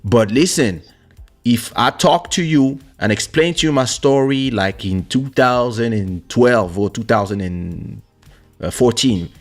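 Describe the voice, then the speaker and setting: A man hosting a podcast, talking casually and telling a personal story, acting out the voices of the people in it. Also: medium pitch. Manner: animated storyteller who acts out voices in quotes. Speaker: podcast host and musician. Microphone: studio podcast microphone.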